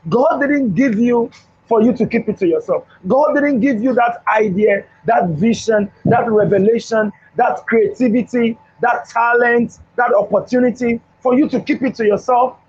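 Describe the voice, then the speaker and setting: Through a dull lo-fi recording, a male host in a studio tells a Bible story as a motivational talk, preacherly in style and repeating phrases to drive points home. His pitch is extremely high, his tone darkish with a breathy edge, and he moves at a moderate pace.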